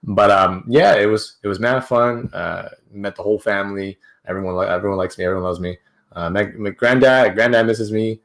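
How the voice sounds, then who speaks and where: A man's voice: fairly low pitch, brisk. A young man, a podcast guest, telling a story in casual, slangy talk with lots of restarts.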